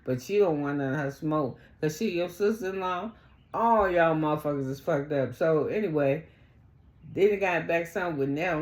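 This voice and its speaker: Blunt, profane woman recapping in an echoey room. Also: moderate pace. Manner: blunt, profane, talks back to the cast; acts out quotes in a much higher voice. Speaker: reality show recap vlogger. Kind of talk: casual recap storytelling.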